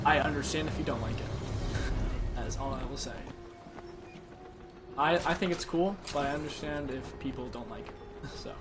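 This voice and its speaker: A man's voice: mid-range voice, moderate pace, long pauses. A man streaming a game in casual commentary, rambling, chatting with viewers and cheering on his character. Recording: game music playing behind. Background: game music.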